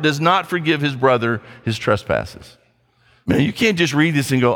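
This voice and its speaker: Man, pastor, sermon, blunt and conversational, fairly high voice, long hall reverb. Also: lively intonation, moderate pace, a bit bright. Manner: blunt, conversational preaching with playful asides.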